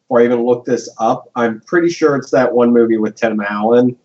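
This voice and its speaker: A man's voice: medium pitch, fairly even intonation, a little fast, a little mellow. A man co-hosting a podcast, making wry, offhand remarks in casual chat. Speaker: podcast co-host. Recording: dull lo-fi audio.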